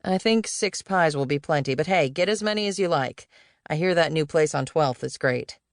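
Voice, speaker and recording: A woman's voice: low-pitched, expressive, moderate pace, no room sound, studio quality. A woman voicing a laid-back, evasive middle-aged male executive who talks in a casual, breezy way.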